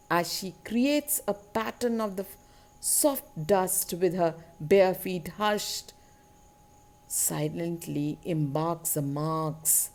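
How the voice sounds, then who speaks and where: A woman teacher giving a literature lesson on a poem, explaining slowly and deliberately, repeating key words and asking rhetorical tag questions. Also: lowish voice, a little mellow.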